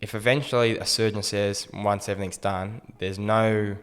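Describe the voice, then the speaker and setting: Australian man in his 30s, low monotone, laid-back storyteller, reverberant hall sound. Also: normal speed, clean tone. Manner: easygoing, understated, frequent ums and "like". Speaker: guest, retired rugby league player. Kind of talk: casual interview storytelling.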